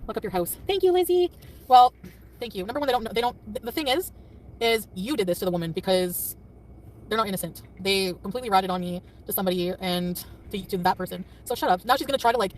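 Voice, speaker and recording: A woman chatting on a casual livestream, quick and defensive, often laughing and snapping back at commenters. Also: medium pitch. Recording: distant mic with faint traffic noise.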